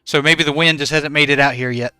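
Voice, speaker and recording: A man's voice: on the high side, fairly even intonation, fairly quick, bright, forceful tone, clear, resonant tone, no echo, clean studio sound, soft background music. A man streaming a game from home in regional Australia, easygoing as he greets and thanks viewers by name. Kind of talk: live stream chat with viewers.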